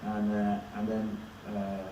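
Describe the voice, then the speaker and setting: A man's voice: on the low side, completely flat delivery, slow, mellow, muffled recording. A man, an actor on a convention panel, telling rambling stories with restarts. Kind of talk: casual anecdote telling on stage. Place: large convention auditorium. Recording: echoey hall mic from far off with crowd noise.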